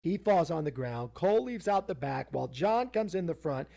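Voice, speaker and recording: A man with a somewhat high, gravelly voice talks through a TV episode in a loose, chatty way. He keeps breaking off mid-sentence and restarting, piling on ums and uhs as he goes. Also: lively intonation, normal speed, warm tone. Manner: rambling, self-interrupting storyteller with frequent fillers. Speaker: podcast co-host. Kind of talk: casual episode recap.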